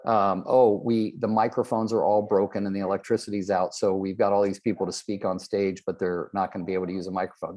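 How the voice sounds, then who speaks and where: An older man gives a motivational talk to real estate agents. His voice sits a little low, and he tells long stories from his career, slipping into the voices of the people in them. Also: flat delivery, a little fast, few pauses, a little mellow. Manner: storytelling, acts out quoted people.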